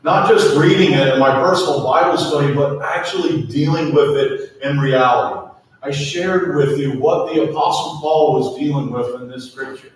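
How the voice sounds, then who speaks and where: A man preaching a sermon as pastor, slow and emphatic, repeatedly asking the congregation to speak to their neighbors. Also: fairly high pitch, slight background noise. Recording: echoey hall, mic at a distance.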